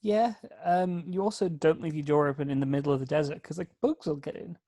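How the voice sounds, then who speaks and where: Wry man, slightly high voice. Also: a little fast, dark tone, dry recording. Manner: wry, jokey asides. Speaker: podcast co-host. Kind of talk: casual comedic film review.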